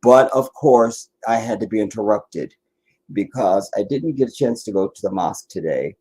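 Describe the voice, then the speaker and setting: A man's voice: lowish voice, moderate pace, a little mellow, breathy edge. A man from the Washington DC area, tired and worn out, hosting a livestream in a rambling casual chat full of restarts and asides. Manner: meandering, many restarts and asides. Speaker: livestream host.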